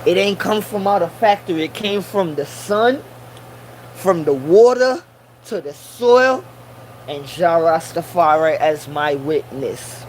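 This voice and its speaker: Slow, high-voiced preachy man. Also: animated, slight background noise, rough recording. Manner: preachy, repeats points for emphasis; Rasta slang and Caribbean English grammar. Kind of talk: casual monologue.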